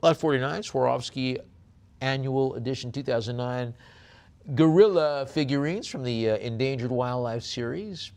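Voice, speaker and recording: A man running a live auction, with a voice of ordinary, middle pitch. He chats loosely about each lot, adding jokes and asides. Then he speeds into a rapid chant of the bids. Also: vocal fry. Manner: rapid bid chanting between chatty, joking descriptions. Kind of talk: live auction calling with item descriptions.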